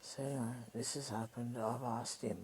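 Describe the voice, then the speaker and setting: A woman's voice: a bass voice, steady tone, normal speed, a little mellow, slight background noise, poor audio. An Australian woman telling a personal story in a casual monologue, rambling, swearing freely and emotionally raw.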